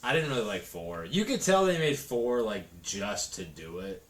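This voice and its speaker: A man in his thirties in casual chat, excitable and swearing, acting out scenes from films he loves. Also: fairly low pitch, moderate pace, reverberant. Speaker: co-host.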